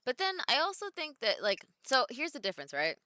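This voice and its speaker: A woman's voice: high voice, wildly swooping pitch, brisk, pushed and bright, no echo, clean studio sound. A woman in her thirties, a wrestler chatting casually on a live stream, reading viewer comments aloud and answering them at home.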